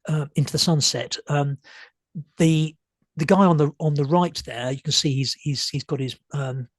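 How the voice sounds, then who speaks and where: A man's voice: on the high side, steady tone, normal speed, no echo. A man giving an illustrated history talk, hesitant with many ums and restarts, and losing his voice a little.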